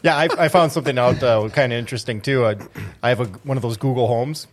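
A man's voice: medium pitch, fast, faint music behind. A man on a casual talk show making blunt, joking asides. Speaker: co-host.

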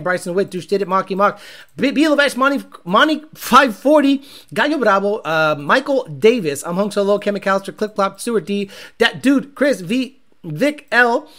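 A man's voice: high-pitched, fairly bright tone. A man hosting a live car show in casual, brash and sarcastic talk, rambling through viewer names.

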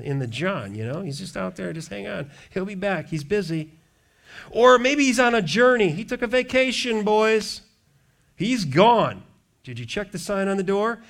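A man preaching a sermon, reading scripture aloud and breaking off into joking asides, swinging from hushed to loud. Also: fairly high pitch. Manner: reads scripture then riffs with humor and asides. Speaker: pastor.

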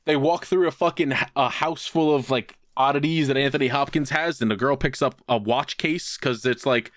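A man's voice: medium pitch, moderate pace, fairly bright tone, no echo, studio quality. A man co-hosting a casual podcast, swearing often as he rants through a movie recap. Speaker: podcast co-host.

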